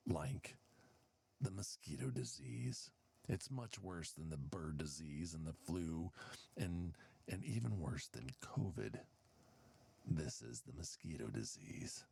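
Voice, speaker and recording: A doom-mongering TV news announcer, put on by a man, his voice sunk deep and low. He hushes into a near whisper and stretches every dire warning out slowly. The sound is dry and close. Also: vocal fry, no room sound, exaggerated voice. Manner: hushed, ominous, drawn-out delivery.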